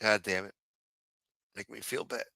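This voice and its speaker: A man's voice: on the low side, fairly even intonation, a little slow, gravelly, pushed and bright, no room sound. A man hosting a livestream, delivering a heated, profane rant with lots of repetition. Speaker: livestream host. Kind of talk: profane political rant on a stream.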